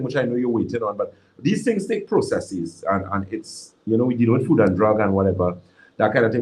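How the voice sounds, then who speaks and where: A man talking through health tips on a live stream, his pitch sitting in a middle range for a man. He is emphatic and hammers home his points by repeating words. His delivery is relaxed and conversational. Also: rough recording. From Trinidad and Tobago. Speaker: natural health practitioner answering viewers.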